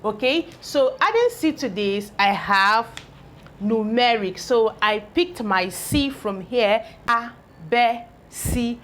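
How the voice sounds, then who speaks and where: A woman leads a spelling lesson, stretching out each sound as she builds words from syllables. She speaks slowly and deliberately, stopping often to check that her learners are keeping up. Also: fairly high pitch, expressive, fairly bright tone, slight background noise. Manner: slow, drawn-out syllables, sounding out each piece; asks learners if they follow. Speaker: English teacher. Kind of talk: phonics lesson at a board.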